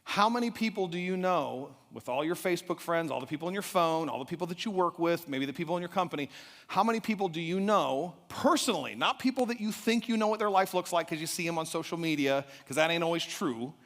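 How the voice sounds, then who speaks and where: Middle-aged man, motivational event speaker, animated storyteller, slightly high voice, long hall reverb. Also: quick pace. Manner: animated storytelling, quizzes the audience. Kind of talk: motivational talk to a live audience.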